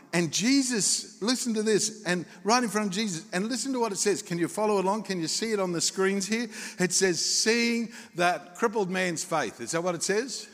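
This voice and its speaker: Male pastor, lively sermon storyteller, fairly high voice, big church reverb. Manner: animated storytelling, acting out voices, chuckling asides. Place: church hall.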